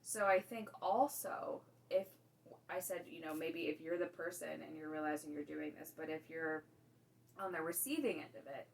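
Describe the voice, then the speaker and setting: A woman's voice: low voice, moderate pace, gravelly, far from the mic, low-quality recording. A woman co-hosting a podcast, talking casually and rambling with lots of fillers. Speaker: podcast co-host. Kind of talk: casual chat.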